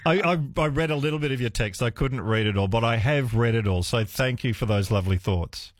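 A man's voice: medium pitch, a little fast, no echo, studio quality. A man hosting a talkback radio show, laughing often and reassuring callers. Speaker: radio host. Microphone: studio microphone.

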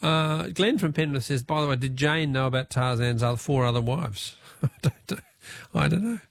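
A man's voice: fairly high pitch, creaky. A jovial, chatty Australian man hosting a radio quiz and talkback show. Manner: jovial, chatty, quick to laugh.

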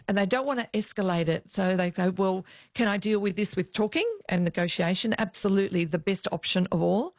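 A woman's voice: on the low side, creaky, no room sound. An older woman, a former police officer telling stories in an interview and acting out the voices she quotes. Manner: animated, acts out quoted voices. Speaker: retired police officer, guest. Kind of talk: storytelling in an interview.

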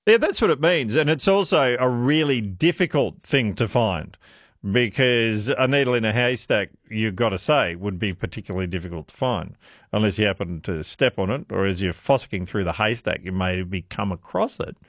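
A man's voice: fairly low pitch, moderate pace, a bit bright, dry recording. A man hosting talkback radio, chatty and musing aloud with strings of questions into a studio mic. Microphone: studio microphone.

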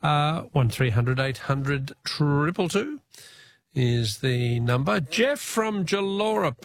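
A man's voice: a little high, lively intonation, slow, vocal fry. An Australian man hosting a radio phone-in quiz, chatty and upbeat with the callers.

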